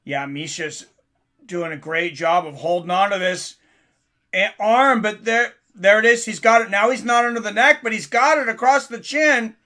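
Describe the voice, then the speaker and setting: Pitched fairly high and talking at an ordinary pace, this man gives relaxed live fight commentary to his stream chat. At the big moments he gets louder and more worked up.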